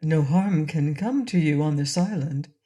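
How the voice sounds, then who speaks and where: A woman reading an audiobook, voicing a dignified island king who speaks calmly and courteously at a slow pace. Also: low-pitched. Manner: calm, courteous, measured.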